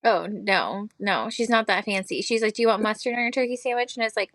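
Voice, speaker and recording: A woman in her thirties co-hosting a podcast, easygoing and quick with dry quips. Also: mid-range voice, fairly bright tone, no echo. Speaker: podcast co-host. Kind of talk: casual podcast chat.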